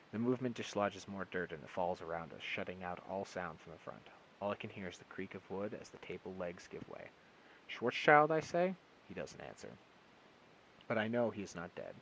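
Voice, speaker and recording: A man reads a short story aloud in one unedited take, now and then stumbling and restarting a word. His voice is very deep and low. A faint hiss from the phone recording sits underneath. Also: animated, fairly quick, low-quality recording. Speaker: amateur audiobook reader.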